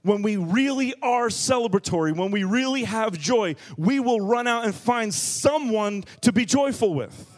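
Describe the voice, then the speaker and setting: Pastor, male, slightly high voice, lively and jokey, punches key words. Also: moderate pace, hardly any pauses. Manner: lively, joking and emphatic, stressing key words. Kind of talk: sermon.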